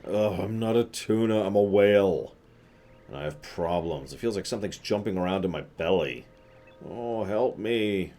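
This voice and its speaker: A man's voice: deep voice, moderate pace, warm tone, close to an everyday voice. A man voicing a huge, put-upon male whale who complains a lot. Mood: whiny.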